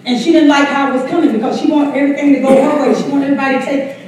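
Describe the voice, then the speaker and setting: A woman pastor with a Southern US accent leads a lively Bible study, laughing often and urging the room on with "come on". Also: sits high, racing, recorded from a distance, a little hiss or hum. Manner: exclaims "come on" often, laughs while preaching. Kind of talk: lively sermon-style teaching. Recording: echoey church hall mic from afar.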